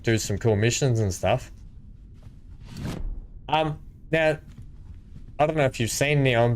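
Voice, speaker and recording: A man streaming a multiplayer game from home, excitable and chuckling as he plays and chats. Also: mid-range voice. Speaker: gaming streamer. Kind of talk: casual multiplayer gameplay chat. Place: home room.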